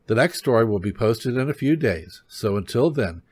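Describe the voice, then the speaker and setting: An older man reading a fairy tale aloud as a storyteller, in a slow, gentle manner. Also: mid-range voice, expressive, breathy edge.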